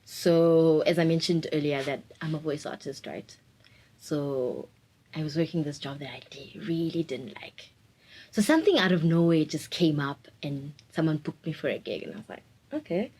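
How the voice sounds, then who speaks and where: Young woman in her 20s, open and reflective, laughs a lot, lowish voice. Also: animated, moderate pace, warm tone, poor audio. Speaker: interviewee. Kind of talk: candid personal interview.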